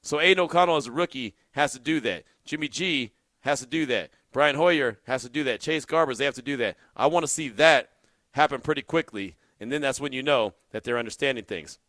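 A man hosting a call-in sports radio show, energetic and animated, speaking from a radio studio. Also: mid-range voice, brisk, no room sound. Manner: energetic, animated, shouts when excited. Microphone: studio mic.

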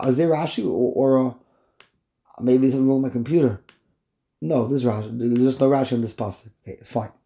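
A man leads a Torah class in a mellow, dark voice. He sprinkles Hebrew and Yiddish terms into his English, stammers over restarts, and breaks into incredulous outbursts. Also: mid-range voice. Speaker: Torah teacher.

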